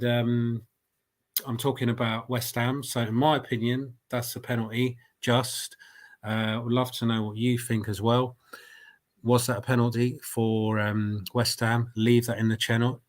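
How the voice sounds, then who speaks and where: Hosting a live football reaction stream from home, this fan channel host speaks at a medium pitch into a desk mic by his laptop while nursing a cold. His talk is casual and meandering, packed with ums, uhs, and sentences he keeps starting over.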